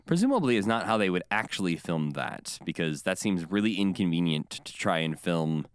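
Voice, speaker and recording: Lively smooth-voiced man podcast host. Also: low voice, moderate pace, dry recording, studio quality. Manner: animated, quotes others in bursts. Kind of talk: casual chat.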